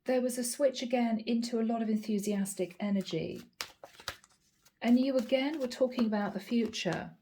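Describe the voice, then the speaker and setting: A woman's voice: fairly high pitch, warm tone, a little hiss or hum. A woman giving a channeled tarot reading in a chatty style, drawing out words for emphasis. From Ireland. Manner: chatty, drawn-out emphatic phrasing. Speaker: tarot reader.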